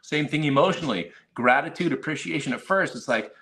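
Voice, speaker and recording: A man talking casually on a podcast, telling lively stories and acting out little quoted moments. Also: fairly high pitch, fairly quick, hardly any pauses. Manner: animated storyteller, acts out quotes, frequent restarts. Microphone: remote video call.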